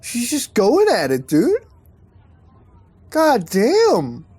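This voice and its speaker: A man hosting an online video, giving excitable, profane commentary while browsing websites and laughing often. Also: very high voice, drawn-out words, husky.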